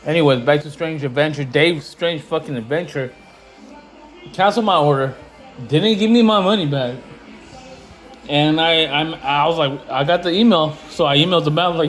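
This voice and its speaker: A man ranting casually to camera in slangy, profane talk, getting louder when he is indignant. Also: fairly high pitch, moderate pace, soft background music, low-quality recording. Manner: slangy, animated, swears freely; rising loud when indignant. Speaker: investing vlogger.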